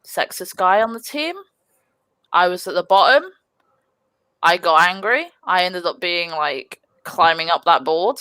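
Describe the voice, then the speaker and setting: A young woman telling a gaming story on a podcast, animated and swearing freely, with lots of fillers. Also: fairly low pitch, a little slow, clean tone, dry recording. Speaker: podcast guest, gamer. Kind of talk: casual storytelling.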